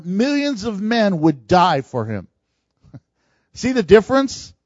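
A man's voice: sits high, no echo. A man preaching a sermon in a conversational way, chuckling now and then as he explains scripture to his congregation. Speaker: pastor. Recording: dull lo-fi dry recording.

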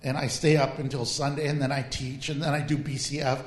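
A man preaching as a pastor in a lively, humorous way, drawing out emphatic phrases. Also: medium pitch, brisk. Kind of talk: sermon. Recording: echoey hall.

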